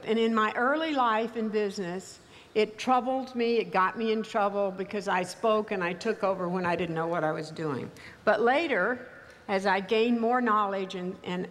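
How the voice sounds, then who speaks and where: Older woman giving a reverberant commencement speech. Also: mid-range voice. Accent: mild Texas. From Texas, US. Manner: measured, wry storytelling with deliberate pauses. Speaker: commencement speaker. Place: large ceremony venue. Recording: reverberant hall, faint ambience.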